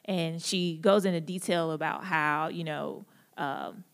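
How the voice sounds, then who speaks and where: A woman's voice: sits low, steady tone, a little slow. Young woman giving a casual devotional talk. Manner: casual and relatable, joking and laughing often. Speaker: speaker at a church or campus gathering. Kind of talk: conversational devotional talk opened with prayer. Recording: echoey hall with long reverb.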